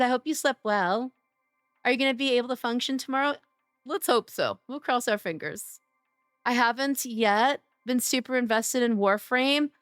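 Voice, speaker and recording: A woman's voice: high-pitched, a bit bright, dry recording, studio quality. A woman streaming a game live, chatting and teasing her viewers by name, her voice worn from days of streaming. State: losing her voice. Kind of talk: casual live-stream chat.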